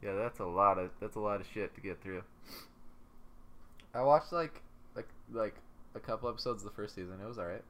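A man's voice: on the low side, brisk, pauses often, a bit bright. Young man rambling on a podcast. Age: young adult. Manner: rambling, swearing, laughs often. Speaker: podcast co-host. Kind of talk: casual podcast chat. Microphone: remote call mic.

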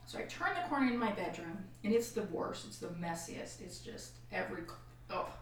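A woman guest on a podcast, telling a painful personal story in an animated way and acting out the voices of other people. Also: fairly low pitch, a little fast. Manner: animated, acts out quoted voices, frequent laughs. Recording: far-off echoey room mic.

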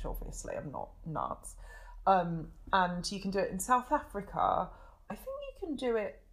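A woman chatting on a podcast, her voice sitting a little low for a woman. She rambles from one thought to the next, laughing as she goes, loose and animated. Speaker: podcast co-host. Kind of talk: casual chat.

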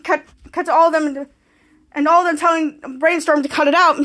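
A woman's voice: high voice, steady tone, fairly quick, a bit bright. A woman podcast host casually recapping a TV episode scene by scene, rambling and restarting often. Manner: rambling, repeats "cut to" with frequent restarts.

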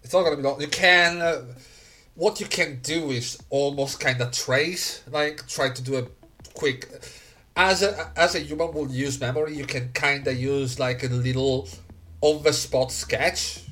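A man narrating as the game master of a tabletop game stream, relaxed and full of fillers. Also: mid-range voice, measured pace.

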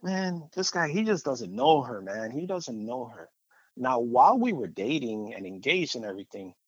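A man sharing a personal testimony in a lively storytelling way, acting out the voices of the people he quotes. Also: medium pitch, breathy edge, no room sound. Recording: dull, muffled sound.

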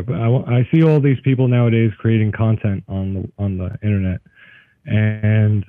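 A man's voice: medium pitch, no room sound. Easygoing Brooklyn-accented man, lo-fi. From Brooklyn, New York. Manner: easygoing, swears casually. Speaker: podcast co-host, guest. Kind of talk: casual chat.

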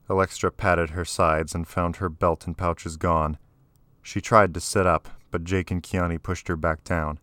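A man narrating an audiobook in a steady, even storytelling manner. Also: low voice, a little slow, no echo. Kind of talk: scripted narration.

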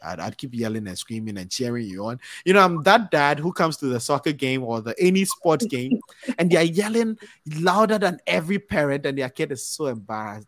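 A man hosting a podcast sign-off, talking in an upbeat, cheering-on way that rambles and restarts. His voice sits fairly high for a man. The recording is dry and close, with no room sound. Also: very animated, moderate pace, fairly bright tone, dry recording. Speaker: podcast host.

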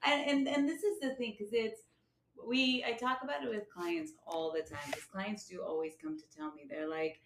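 A woman co-hosting a podcast as a coach, talking in an animated, casual way and laughing often. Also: medium pitch, normal speed, slight background noise. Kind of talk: casual conversational chat. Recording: echoey room.

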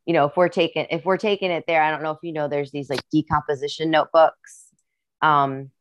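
Chatty low-voiced Midwestern woman. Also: fairly even intonation, a little fast, highs cut off, a little hiss or hum. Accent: Midwestern American. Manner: chatty, rambling, upbeat. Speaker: musician and guest. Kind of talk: casual podcast chat.

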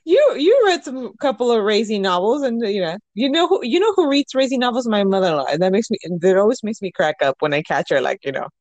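A woman's voice: fairly high pitch, big pitch swings, fast, hardly any pauses, no echo, rough recording. A woman co-hosting a casual podcast chat with a friend over an online call, talking freely, laughing often and swearing now and then. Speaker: podcast co-host.

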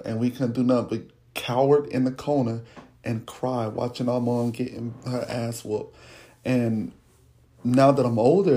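A man slowly recounting a painful childhood memory as personal storytelling, speaking. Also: medium pitch, dark tone. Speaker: podcast host telling his life story.

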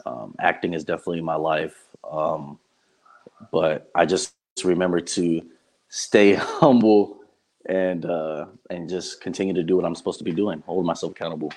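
A man's voice: deep voice, steady tone, normal speed, a little mellow. A young man, a guest actor, talking casually on a video call with many ums and restarts. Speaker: guest actor, former running back. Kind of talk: casual interview chat.

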